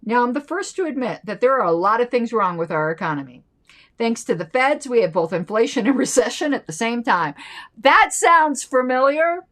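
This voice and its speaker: A woman's voice: fairly high pitch, lively intonation, fairly quick. A woman hosting a political commentary channel, reading an old newsletter aloud and breaking off into chatty, playful side remarks.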